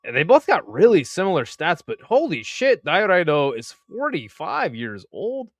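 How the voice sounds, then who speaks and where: Lively, chatty young male streamer. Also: a little high, normal speed, no echo. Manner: laid-back, slangy, chats with viewers between bouts. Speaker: live stream host. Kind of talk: casual live reaction and play-by-play.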